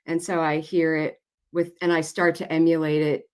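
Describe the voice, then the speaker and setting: A woman's voice: low voice, little pitch movement, normal speed, darkish tone, smooth. A woman guest who works as a singer and voiceover artist, chatting casually on a live stream in an upbeat manner.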